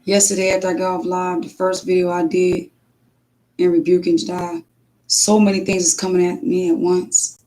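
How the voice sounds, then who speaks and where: A woman who reads scripture aloud and then tells emphatic, lively stories as a livestream preacher. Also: fairly low pitch, moderate pace, low-quality recording. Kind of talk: scripture reading and casual testimony.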